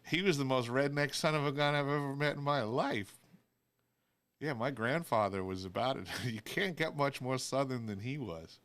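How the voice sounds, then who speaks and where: A man hosting a casual chat show, telling stories and slipping into quick character voices. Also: mid-range voice. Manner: animated storyteller doing character voices. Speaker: host.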